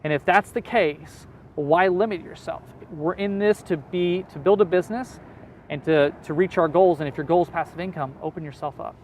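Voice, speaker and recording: A man's voice: a little high, moderate pace, narrow, tinny audio, slight background noise. A man being interviewed as a real estate investor, explaining in an easygoing way with everyday examples. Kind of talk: casual interview answers.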